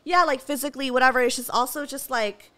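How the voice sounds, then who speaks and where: A woman hosting a podcast in a chatty, lively way, backing up her guest. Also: high-pitched, quick pace, smooth. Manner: lively, chatty, supportive listener. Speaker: podcast host. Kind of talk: casual podcast chat.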